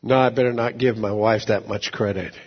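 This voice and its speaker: A man preaching a sermon as pastor, telling folksy stories, repeating words and swinging from low asides to shouted peaks. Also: fairly even intonation, brisk, husky, in a large hall, dull audio.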